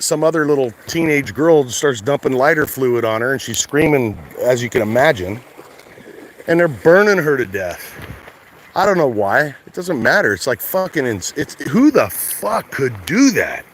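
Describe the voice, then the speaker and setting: A man from the States talks in a blunt, rambling way, swearing freely as he vents. His voice sits at an ordinary middle pitch. He is outdoors by the water, with a faint hiss of background noise. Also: fairly bright tone, rough recording. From United States. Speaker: vlogger. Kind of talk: casual outdoor rant to camera. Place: outdoors at a shoreline at high tide.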